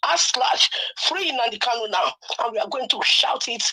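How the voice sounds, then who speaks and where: A woman's voice: on the high side, lively intonation, moderate pace, bright, forceful tone, rough recording. A woman from southern Nigeria, calling in upset to a live talk show, heated and pleading, repeating her points. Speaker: caller. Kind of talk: impassioned call-in.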